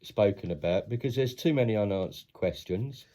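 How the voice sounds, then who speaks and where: A man's voice: on the low side, lively intonation, moderate pace, crowd noise. A man hosting a casual interview, asking questions and affirming his guest. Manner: engaged, affirming, asks questions about music history.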